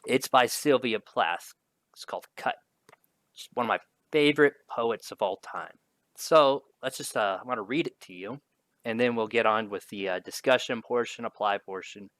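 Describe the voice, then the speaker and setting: A man's voice: mid-range voice, normal speed, fairly bright tone, no echo. A male teacher giving a casual spoken lesson, talking his students through questions in a conversational way.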